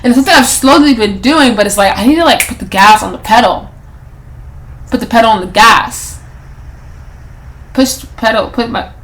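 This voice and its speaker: Over poor audio, a twenty-something woman hosting her own podcast speaks in a medium-pitched, slightly bright voice. Her casual talk wanders, with frequent restarts, self-corrections, and lots of "like" and "you know."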